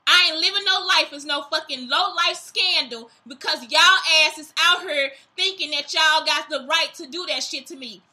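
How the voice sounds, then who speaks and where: A young woman with a very high, sharp, tense voice runs her own show. She delivers a furious monologue laced with profanity and pointed accusations. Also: moderate pace, few pauses.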